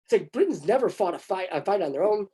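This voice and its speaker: Very animated and fast, this man has a high, warm, husky voice as he rambles crudely in casual talk. He mocks things in asides, breaking into put-on voices as he goes.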